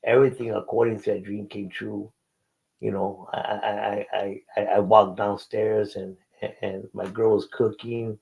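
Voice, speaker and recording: A middle-aged man recounts his past in a relaxed interview, his low voice rough and gravelly. He speaks in street slang with Spanish words mixed in, and he circles back and repeats himself as he goes. His tone is husky rather than clear. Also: moderate pace, rough recording. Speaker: guest telling his life story. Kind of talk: casual storytelling interview.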